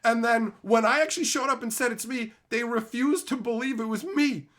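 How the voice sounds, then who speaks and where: A man telling a profane, animated story in a casual rant on his video channel, laughing often. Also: extremely high pitch, a little fast. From Canada. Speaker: YouTube host.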